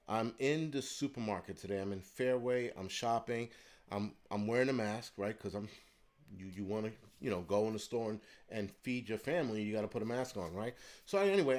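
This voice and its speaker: A man hosting his channel, telling a story in a heated, profane rant. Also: lowish voice. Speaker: host of a prepping channel. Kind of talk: ranting storytelling monologue.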